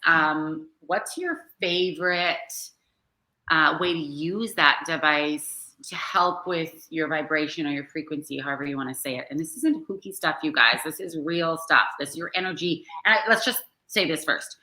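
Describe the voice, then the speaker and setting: A woman's voice: low voice, normal speed, bright, forceful tone, echoey room. A woman hosting a casual interview chat, earnest and encouraging, agreeing with her guest. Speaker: podcast host.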